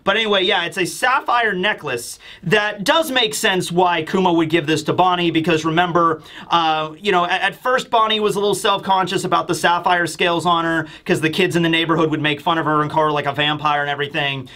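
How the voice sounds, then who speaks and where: Bright-voiced man recapping chattily. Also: a little high, fairly even intonation, fairly quick, few pauses. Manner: chatty, explanatory, frequent asides. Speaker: manga review YouTuber. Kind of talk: casual commentary.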